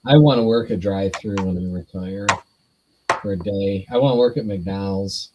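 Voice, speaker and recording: A man's voice: sits low, moderate pace, lo-fi sound, very noisy. A man and podcast co-host, joking around with profane banter in casual chat.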